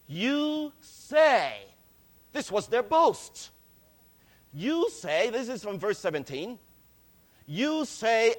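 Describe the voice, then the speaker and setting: A man preaching a sermon, slow and deliberate, stressing key words and calling his listeners friends. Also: high voice, sing-song, a bit bright.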